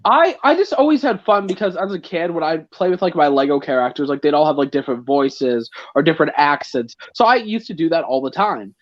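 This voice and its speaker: A man's voice: a little high, animated, brisk, hardly any pauses, no echo, muffled recording. A man hosting a livestream in casual chat, joking and laughing often. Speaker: livestream host.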